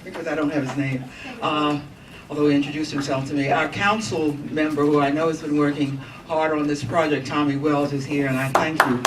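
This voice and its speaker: A woman hosting a community meeting as a congresswoman, giving formal opening remarks into a handheld microphone, halting and pausing with fillers. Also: low-pitched, steady tone. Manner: formal, halting delivery with frequent pauses and fillers. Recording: distant mic, noisy meeting room.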